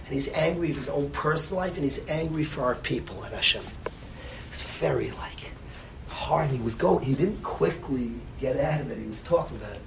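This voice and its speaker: A man giving an impassioned sermon as a rabbi. He swings between loud emphasis and soft, hushed phrases, and repeats lines for stress. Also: mid-range voice, lively intonation, normal speed, vocal fry, noisy background.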